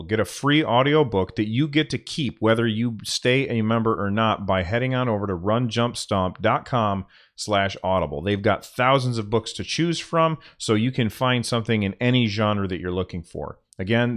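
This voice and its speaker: Low-voiced man recording podcast sponsor reads. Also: fairly bright tone. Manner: offhand, restarts and mutters at tech trouble. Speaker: podcast host.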